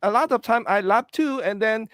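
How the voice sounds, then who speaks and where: A man's voice: sits high, moderate pace, fairly bright tone, dry recording, studio quality. A man hosting a casual live stream, agreeable and hesitant, reading out viewer comments. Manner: agreeable, hesitant, reads chat comments aloud. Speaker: host.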